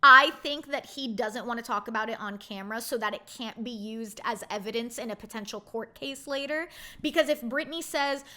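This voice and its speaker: A woman's voice: fairly high pitch, moderate pace, sharp tone. A young woman hosting a reality TV recap, giving blunt, indignant commentary in a casual way.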